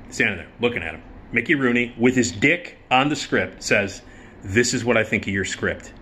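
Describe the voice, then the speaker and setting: A middle-aged man telling a theater anecdote in a casual, profane, animated style. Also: mid-range voice, a little hiss or hum. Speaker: vlogger and storyteller.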